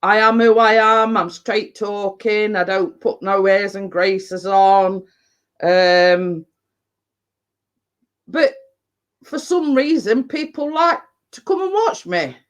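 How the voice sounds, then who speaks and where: Taking her time, a woman with an English accent and a mid-range voice chats casually on her baking live stream. She rambles bluntly, full of fillers and repeated "you know what I mean."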